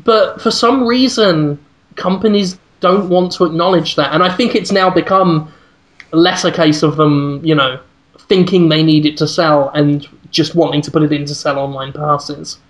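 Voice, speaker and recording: A man's voice: fairly high pitch, steady tone, normal speed. A man co-hosting a podcast, talking earnestly and rambling a little with restarts in casual chat. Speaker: podcast co-host.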